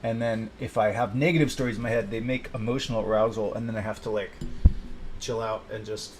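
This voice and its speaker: A man's voice: lowish voice, fairly even intonation, brisk, slight background noise. A man venting in a rambling personal video, frustrated and swearing, talking to himself. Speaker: vlogger.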